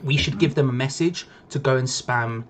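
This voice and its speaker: A man's voice: mid-range voice, normal speed. A young man, casually co-hosting a live football watch-along in a playful, repetitive way. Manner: chatty, playful, repeats himself for effect. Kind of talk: casual live-stream chat.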